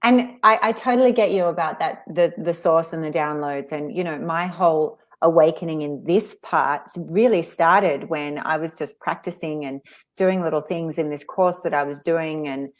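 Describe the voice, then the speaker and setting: A woman hosting a relaxed interview, her voice a touch lower than most. She tells her stories in a chatty, rambling way, full of little asides. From Australia. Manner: chatty, with fillers and quick asides. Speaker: host. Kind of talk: casual interview chat.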